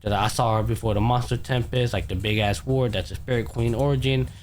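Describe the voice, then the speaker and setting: A man's voice: mid-range voice, fairly even intonation, a little fast, a little mellow, a little hiss or hum. A man hosting a podcast, casually retelling an anime episode in a loose, profane way full of fillers. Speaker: podcast host. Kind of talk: casual anime recap chat.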